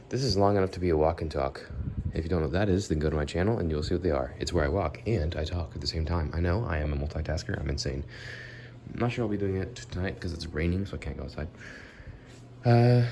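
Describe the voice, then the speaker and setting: A man's voice: sits low, darkish tone, slight background noise. A young man with a nasal voice who has a cold, rambling through an unscripted vlog monologue, correcting himself as he goes and talking straight to his viewers. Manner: rambling, self-correcting, talks to viewers directly. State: sick with a cold. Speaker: vlogger.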